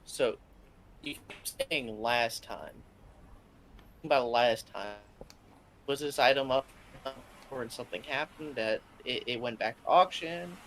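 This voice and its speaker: A man's voice: mid-range voice, takes it slowly, pauses often, fairly bright tone, a little hiss or hum, poor audio. A man playing in a tabletop role-playing session over a call, asking hesitant questions. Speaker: player.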